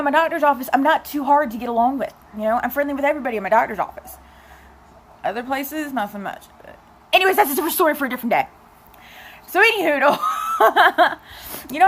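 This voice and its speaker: A chatty young woman tells a story straight to her camera in a casual, animated way, talking to her viewers. Her voice sits a little high. It sounds like a relaxed home recording on a camera mic. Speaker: vlogger.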